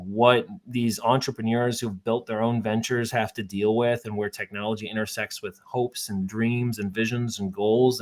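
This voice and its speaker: A man from southern Minnesota, a podcast guest telling stories in a chatty, animated way with lots of fillers. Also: mid-range voice. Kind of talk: casual storytelling.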